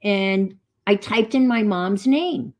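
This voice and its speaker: A woman's voice: mid-range voice, slow pace. A middle-aged woman chatting casually as she crafts on a stream, telling rambling stories. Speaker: crafting vlogger.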